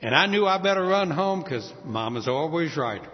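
Animated pastor from New Orleans, high-pitched. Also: male voice, normal speed, in a large hall, muffled recording. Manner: animated storytelling with sing-song calls. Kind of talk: sermon.

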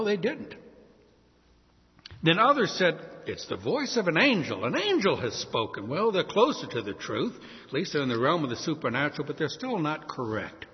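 A man preaching an expository sermon through a Bible passage, animated and rising into exclamations, with occasional coughs. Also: sits high. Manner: animated, rising to exclamations when mocking misunderstanding; coughs and clears throat at times. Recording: dull sound with long reverb in a hall.

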